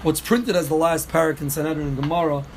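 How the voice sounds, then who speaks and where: High-voiced man teaching a Talmud class. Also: quick pace, a little hiss or hum. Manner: explains step by step, repeats phrases, takes student questions.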